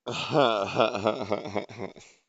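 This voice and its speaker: A young man talking his way through a game on stream, rambling and getting excited as things happen. His voice sits low with a gravelly edge and a bright, forceful tone. The sound is close and dry, straight into a desk mic. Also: extremely slow, no echo, highs cut off. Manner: rambling, excitable, swears casually. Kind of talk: casual gameplay commentary.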